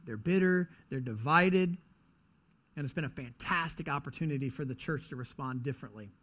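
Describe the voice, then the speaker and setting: A man preaching a casual, conversational sermon as pastor, often acting out other people's voices. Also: high-pitched. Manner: conversational, animated, acts out quoted voices.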